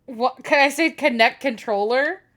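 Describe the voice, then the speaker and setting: A woman's voice: high voice, moderate pace, a bit bright. A woman streaming a horror game with a friend, giggly and self-deprecating, stumbling over hard names as she reads. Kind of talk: casual co-op gameplay chat.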